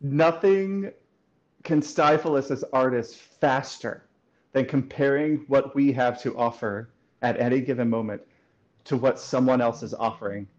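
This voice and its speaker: A man speaking as a voice coach in a casual interview, explaining lively and demonstrating sounds as he goes. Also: medium pitch, measured pace, muffled recording. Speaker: voice coach and guest.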